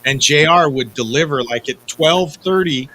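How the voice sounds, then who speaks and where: A man in his fifties chats easily as a podcast co-host, spinning self-deprecating stories. His voice sits a little high. A faint hum runs underneath. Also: moderate pace, pushed and bright, poor audio. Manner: chatty storyteller, self-deprecating. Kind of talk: casual chat.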